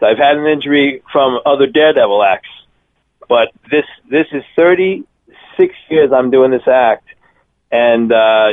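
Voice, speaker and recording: A man's voice: mid-range voice, dry recording. A man in his fifties with a Long Island accent, telling rambling stories as a radio guest, full of fillers. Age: 50s. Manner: rambling, fillers, energetic storyteller. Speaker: radio guest, circus daredevil. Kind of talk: phone-in interview storytelling. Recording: tinny phone line.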